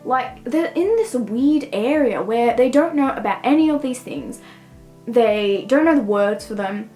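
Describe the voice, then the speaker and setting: A woman's voice: a little high, expressive, measured pace, dark tone, faint music behind, rough recording. A young woman in a casual book review rant, rambling and peppered with "like" as she talks things through. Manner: rambling, heavy use of "like".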